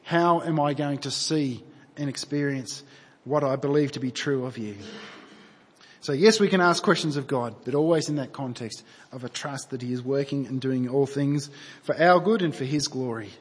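This pastor's voice is a little high and husky as he preaches earnestly in a conversational manner. He keeps asking his listeners rhetorical questions, and the recording has a long hall reverb.

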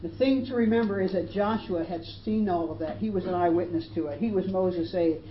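A woman's voice: lowish voice, fairly quick. Woman preacher, emphatic sermon delivery, roomy dull recording. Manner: emphatic preaching, rising for scripture quotes. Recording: roomy, dull, faint hiss.

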